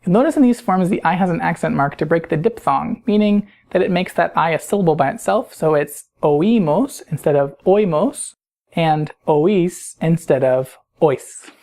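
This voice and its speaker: Woman teacher, low mellow voice, patient explainer who quizzes the listener. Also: a little fast, vocal fry, few pauses. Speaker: Spanish teacher. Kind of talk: recorded grammar lesson.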